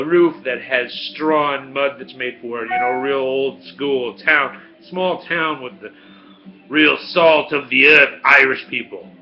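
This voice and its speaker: A man's voice: mid-range voice, dull audio. A man in his forties, casually telling a profane story and answering viewer questions as host, laughing often. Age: 40s. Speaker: video Q&A host.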